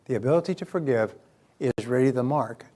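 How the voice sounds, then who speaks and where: A man's voice: medium pitch, fairly quick, dark tone. A man giving a motivational seminar talk, emphatic, repeating key lines and acting out little dialogues. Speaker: motivational speaker.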